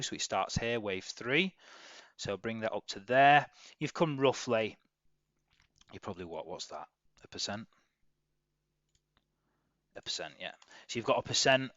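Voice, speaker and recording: A low-pitched man talks fast through a market analysis while sharing his screen. He keeps correcting himself and swears casually. The recording is dry and dull, a lo-fi home setup. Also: a bit bright, no room sound. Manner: quick, rambling, self-correcting, swears casually. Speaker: trader.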